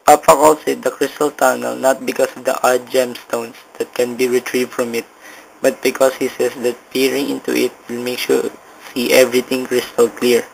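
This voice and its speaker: A young man reads a story aloud for a school project, his voice held flat and even with a gravelly fry underneath. He moves haltingly, stumbling now and then and restarting a word. A faint background noise sits under the reading. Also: mid-range voice, poor audio. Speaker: student reader.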